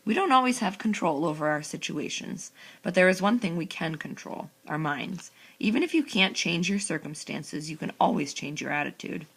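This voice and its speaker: A woman voicing a calm middle-aged father who gives his daughter patient life lessons. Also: on the low side, normal speed, creaky, husky, exaggerated voice, rough recording. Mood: lecturing. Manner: patient, lecturing.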